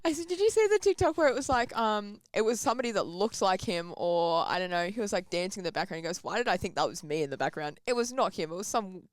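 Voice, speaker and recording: A woman's voice: mid-range voice, animated, quick pace, few pauses, no echo. A young woman, chatting casually as a podcast co-host, laughing often and acting out what people said. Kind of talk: casual chat.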